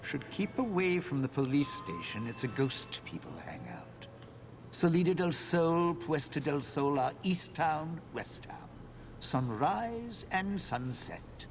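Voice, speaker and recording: An actor playing a sly, jaded old male ghoul crooner in a video game, wry and dropping to hushed whispers. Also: a little high, big pitch swings, slow pace, exaggerated voice. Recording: clear background noise in game audio.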